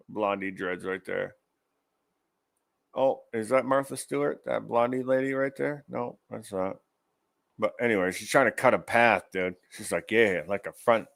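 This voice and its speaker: A man's voice: on the low side, creaky, a bit bright, no echo. Profane ranting male commentary host. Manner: profane, angry, sarcastic. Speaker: show host. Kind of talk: ranting commentary on news clips.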